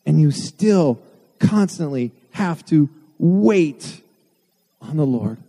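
A man's voice: fairly high pitch, expressive, takes it slowly, gravelly, warm tone. A man preaching a sermon to his church, earnest with self-deprecating asides. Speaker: pastor. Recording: long hall reverb.

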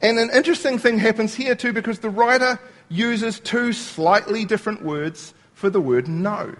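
A man's voice: high-pitched, normal speed, fairly bright tone. A man preaching a sermon, explaining scripture word by word and quoting lines as he goes.

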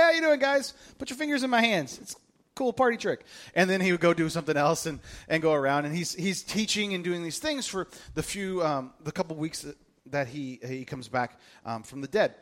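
A man preaching a sermon to a congregation in a casual, joking way, acting out voices as he tells the story. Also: fairly high pitch. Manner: humorous, animated, acts out quoted voices. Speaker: pastor.

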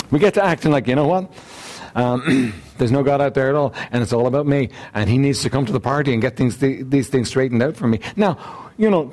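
A man preaching a sermon, emphatic and repetitive, often clearing his throat and asking rhetorical questions. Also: mid-range voice, a little mellow. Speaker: pastor.

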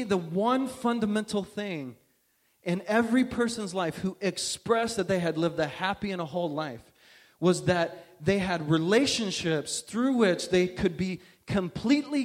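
A man telling a story in a sermon, acting out the people he quotes in a low, hushed voice and often restarting his sentences. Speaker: preacher.

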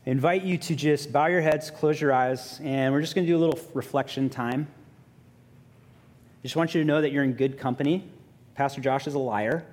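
A man's voice: a little high, brisk. Man, pastor, sermon storytelling, self-mocking, long hall reverb. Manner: lively storyteller, self-mocking, voice drops soft and quiet for reflection. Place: church sanctuary.

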